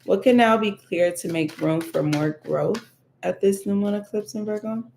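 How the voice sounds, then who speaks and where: A woman's voice: medium pitch, normal speed, vocal fry, noisy background. A woman giving a casual tarot reading, thinking aloud with many fillers and repeating her questions to the cards. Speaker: tarot reader.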